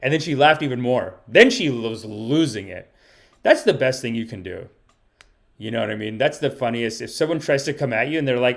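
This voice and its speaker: Male stand-up comedian hosting his own podcast, playful rambling delivery, very lively pitch. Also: moderate pace, gravelly. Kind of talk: casual livestream chat.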